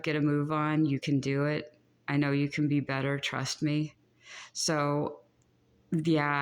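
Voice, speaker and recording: A woman with a low voice talks through a tarot reading. Her delivery is casual and animated, with frequent laughs and asides to the viewer. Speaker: tarot reader.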